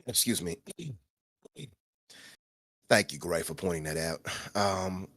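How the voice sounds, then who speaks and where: A man's voice: deep voice, slow pace, fairly bright tone, no room sound, pitched below the performer's own voice, full character voice. A man doing a playful mock Australian accent on a podcast. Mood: mock serious. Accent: put-on Australian. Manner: playful, teasing.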